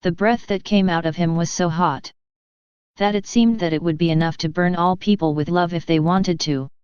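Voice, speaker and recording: A woman giving a devotional reading of a mystic's diary in an earnest, steady first-person manner, with slightly muffled lo-fi sound. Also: fairly low pitch, normal speed, clean tone, no echo.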